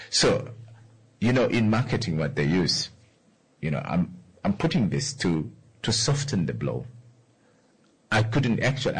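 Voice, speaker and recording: A man's voice: lowish voice, slightly rough, poor audio. A man from Namibia hosting a talk show, giving solo commentary to his listeners and repeating his key points with questions. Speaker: radio or podcast host.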